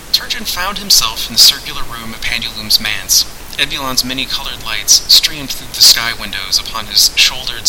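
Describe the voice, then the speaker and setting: A man reads a fantasy tale in a measured, dramatic audiobook style. His voice sits at a middle pitch but sounds very bright. A faint hiss runs under the recording. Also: rough recording. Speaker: narrator.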